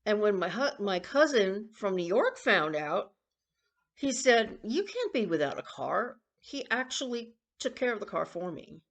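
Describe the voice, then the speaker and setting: A woman in her sixties rambling and confiding in a casual personal vlog, with coughs and throat-clearing. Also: medium pitch, big pitch swings, unhurried. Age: 60s. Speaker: vlogger.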